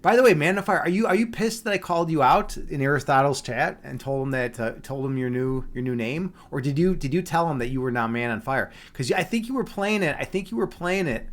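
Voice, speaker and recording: A man's voice: on the high side, lively intonation, a little fast, few pauses. A man hosting a livestream, chatting casually with viewers in a joking, teasing way, with many restarts and fillers. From Chicago. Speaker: livestream host.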